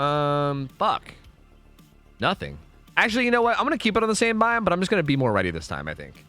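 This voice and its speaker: A young man streaming a video game, rambling and swearing, swinging between groans and excited outbursts. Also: fairly high pitch, a little fast, faint music behind. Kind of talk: live gameplay commentary.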